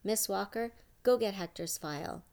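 A woman voicing a stern male state official who talks in a crisp, brisk manner. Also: medium pitch, a little mellow, lightly acted. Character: authoritative male attorney general, stern official.

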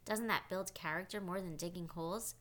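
A woman's voice: on the low side, fairly quick, fairly bright tone, close to an everyday voice. A woman voicing an earnest put-upon boy. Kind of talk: audiobook character voice.

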